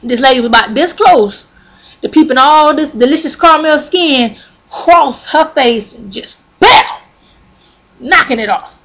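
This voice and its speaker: A young woman telling a work story as a sassy, animated rant, acting out quoted arguments loudly. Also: high voice, normal speed, rough recording.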